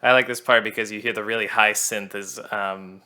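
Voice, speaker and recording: A man's voice: lowish voice, steady tone, brisk, over loud music. A man giving casual commentary on a musical he wrote, chatty and self-deprecating, often laughing at his own jokes.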